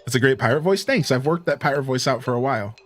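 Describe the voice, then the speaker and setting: A man's voice: medium pitch, animated, fast. Guy live streaming a game, chatty and casual, talking to chat, faint music behind. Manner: chatty, reads out and answers viewer chat.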